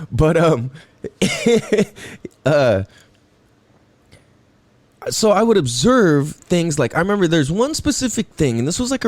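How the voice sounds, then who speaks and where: A man's voice: fairly high pitch, a little mellow, dry recording. A young man hosting a podcast, talking in a rambling, profane way and laughing at his own tangents. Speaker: podcast host. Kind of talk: casual solo podcast monologue.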